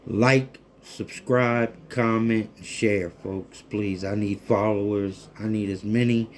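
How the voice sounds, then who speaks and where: A man, talking casually and warmly to viewers in a rambling cooking vlog from his home kitchen. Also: on the low side, steady tone, slow, slight background noise. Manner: heartfelt, rambling, addresses viewers as folks. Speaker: cooking vlogger.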